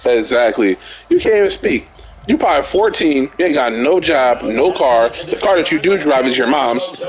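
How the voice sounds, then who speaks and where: A man's voice: fairly high pitch, sing-song, normal speed. A man playing a football video game, mocking and taunting his opponent in profane casual trash talk. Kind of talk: casual trash talk over a headset chat. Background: video game crowd and commentary.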